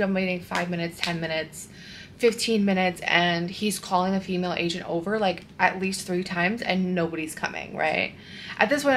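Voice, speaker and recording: A young woman vlogger telling a frustrated storytime to her camera, animated and full of "like". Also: on the low side, slight background noise. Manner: animated, exasperated storytelling with frequent "like". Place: at home, wearing a sheet mask.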